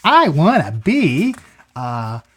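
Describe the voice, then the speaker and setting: Brief: reader putting on a restless young boy bunny, storybook, drawn-out high shouts, lively swoops. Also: slightly rough, exaggerated voice. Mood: whiny, wishful. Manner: drawn-out, rising shouts on the final animal name. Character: restless young male bunny who keeps switching animals.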